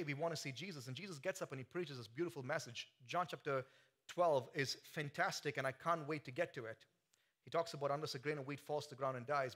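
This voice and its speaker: A man preaching a sermon, swinging from quiet, joking asides to loud, soaring climaxes. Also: on the high side, breathy edge. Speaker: pastor. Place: church sanctuary.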